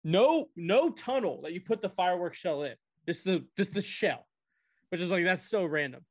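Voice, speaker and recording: A man's voice: sits high, animated, normal speed, dry recording, studio quality. A man from Houston co-hosting a sports podcast, rambling, joking and swearing in casual chat. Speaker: podcast co-host.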